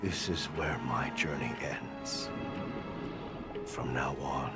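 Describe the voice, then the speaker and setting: An actor voicing a calm old man in a video game, speaking solemnly and slowly. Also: a bass voice, over loud music. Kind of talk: game voice acting.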